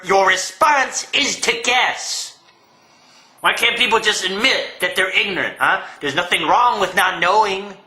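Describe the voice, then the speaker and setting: High, sharp-voiced man on a sarcastic rant. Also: echoey room, low-quality recording. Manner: sarcastic, profane ranting. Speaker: comedian. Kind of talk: comedic rant monologue.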